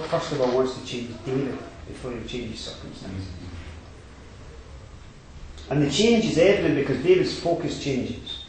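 A man preaching a sermon, swinging between quiet reflection and loud emphatic exhortation. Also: mid-range voice, slight background noise. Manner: rising to emphatic exhortation, then dropping quiet. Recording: very echoey hall.

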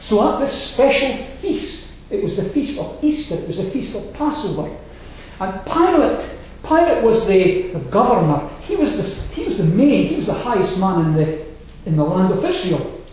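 A man preaching a sermon, slow and emphatic, letting his phrases fall away to a hush. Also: high voice, big pitch swings, a little hiss or hum. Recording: very echoey hall, slightly dull sound.

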